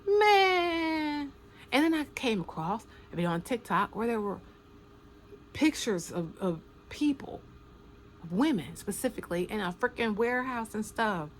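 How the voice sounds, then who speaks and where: A woman's voice: medium pitch, animated, normal speed, a little hiss or hum. Emphatic, repetitive woman talking casually. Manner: emphatic, repeats phrases for stress, slangy. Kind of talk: casual spoken commentary.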